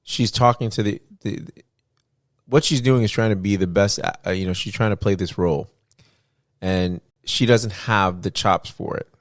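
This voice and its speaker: A man co-hosting a podcast, retelling events in a rambling, animated way with many restarts. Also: fairly low pitch, normal speed, no room sound, clean studio sound. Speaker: podcast co-host. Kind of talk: casual podcast chat.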